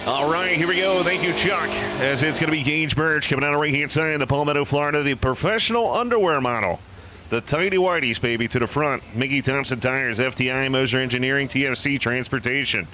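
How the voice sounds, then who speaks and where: A man announcing a live drag race, calling lanes, reaction times and winners quickly and playfully. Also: mid-range voice, sharp tone, slight background noise. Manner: fast, upbeat, joking between races. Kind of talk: live drag racing commentary. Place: outdoor drag strip.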